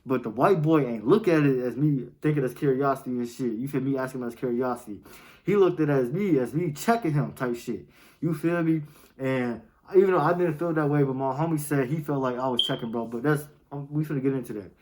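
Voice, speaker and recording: A man's voice: mid-range voice, fairly quick, darkish tone, rough recording. A young man, telling a story in casual, slang-heavy talk and often asking "you feel me.". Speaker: storytime vlogger.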